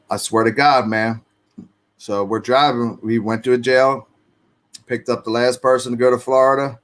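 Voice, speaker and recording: A man's voice: medium pitch, fairly bright tone. A man telling his own story in casual street slang, swearing freely and acting out what people said. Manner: street slang, profane, acts out quotes.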